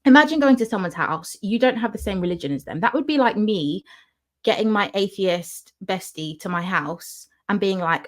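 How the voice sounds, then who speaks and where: This young woman, a vlogger, recounts something from her own life at a normal speed in a mid-range voice, keeping it lively and relaxed as she acts out whoever she's quoting.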